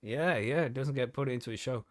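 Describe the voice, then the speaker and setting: A man's voice: medium pitch, fairly quick. A young man co-hosting a podcast, chatting casually, swearing freely and laughing at his own jokes. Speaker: podcast co-host. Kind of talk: casual chat, telling jokes.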